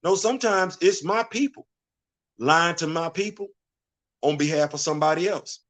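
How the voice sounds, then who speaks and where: A male vlogger holds forth in a casual, preachy register, circling back on his points and firing off rhetorical questions. His voice sits a touch higher than most men's. He leans hard on repetition to drive each point home. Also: moderate pace, fairly bright tone. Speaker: vlog host. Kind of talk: casual opinion commentary.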